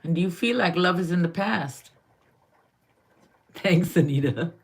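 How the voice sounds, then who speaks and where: With lively intonation and a lowish voice, a woman from Guyana gives astrology readings on a live stream. She speaks slowly and draws out her words, affectionately calling her viewers darling.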